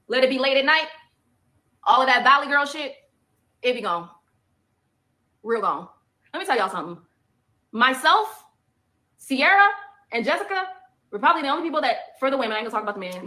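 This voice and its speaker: Bright, forceful woman venting. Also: a little high. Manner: emphatic, repeats points for effect. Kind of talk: heated monologue.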